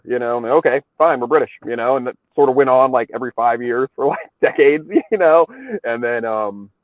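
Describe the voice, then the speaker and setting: A man's voice: mid-range voice, no echo. A man chatting loosely, full of ums and curse words, his voice squeezed into a thin phone-like band. The sound is dry and close, with no room around it. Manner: rambling, swears a lot, many fillers. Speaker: podcast co-host. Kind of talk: casual profane chat.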